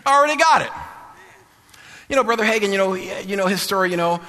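Loud, sing-song preacher man. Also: high voice, animated, quick pace, in a large hall. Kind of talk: sermon.

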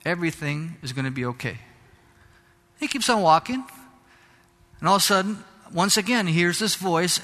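A man pastor delivers a fervent sermon, climbing to shouts and dropping into Spanish phrases now and then. His voice sits high and bright. It rings out with a long hall reverb behind it. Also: lively intonation, moderate pace, pauses often. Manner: fervent preaching, rising to shouts.

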